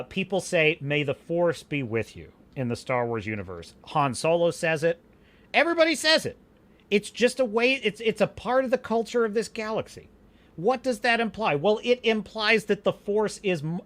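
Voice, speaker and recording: Animated, bright-voiced male podcast host. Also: sits high. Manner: emphatic, passionate, frequent restarts. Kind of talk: livestream commentary rant.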